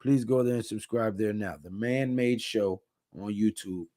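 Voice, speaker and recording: A man's voice: lowish voice, measured pace, warm tone, no echo, studio quality. A tired man hosting a casual live stream, reading viewer comments aloud and chatting in a laid-back way. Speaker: livestream host.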